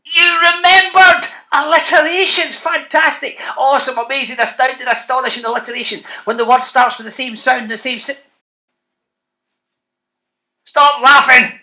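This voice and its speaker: A man's voice: very high-pitched, fairly quick, few pauses, sharp tone. A man with a Scottish accent, an author hosting a children's reading show, playful and bouncy as he calls out to the kids. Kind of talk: lively talk to school classes.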